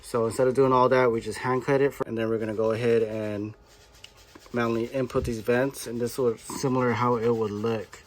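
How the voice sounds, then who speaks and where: Working in his garage, a body shop builder explains a custom car part build step by step in casual how-to narration with fillers. He has a mid-range voice and a flat delivery, speaking a little fast.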